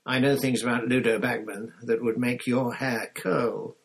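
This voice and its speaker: A man voicing a scheming woman gossip reporter who talks coldly and condescendingly, in a gravelly voice. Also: medium pitch, fairly even intonation, a little slow, poor audio.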